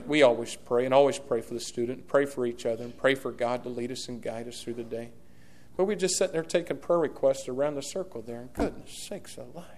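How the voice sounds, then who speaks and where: Middle-aged pastor, folksy, earnest, swells into fervent prayer; church sermon. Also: male voice, mid-range voice. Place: church sanctuary.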